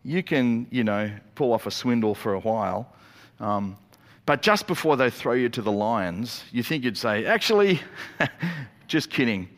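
A man preaching a sermon as a pastor, telling the story in a lively way with quick acted-out asides. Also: mid-range voice. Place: church auditorium. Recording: long reverb of a church hall.

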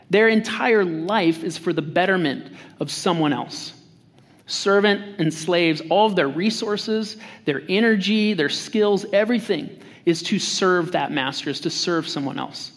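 A man's voice: sits high, moderate pace. A man giving a conversational, humorous sermon as a pastor, acting out quotes in different voices. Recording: hall reverb.

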